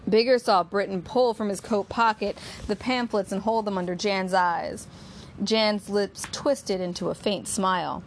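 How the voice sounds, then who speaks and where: A woman's voice: medium pitch, steady tone, measured pace, slight background noise. Woman narrating a novel aloud.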